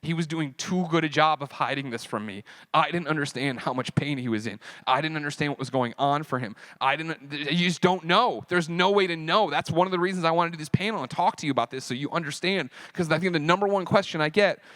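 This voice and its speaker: Man telling a raw story, fairly high voice. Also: fast talker, hardly any pauses, no echo. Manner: animated, profane, acts out quoted dialogue. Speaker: convention panel speaker. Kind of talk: personal storytelling on stage. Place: convention panel stage.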